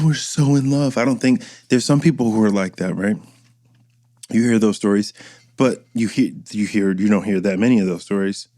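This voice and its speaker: In a dry, clean studio recording, a man with a lowish, warm voice hosts his podcast. The thirtysomething spins loose, profane stories in a casual monologue, acting out what people said.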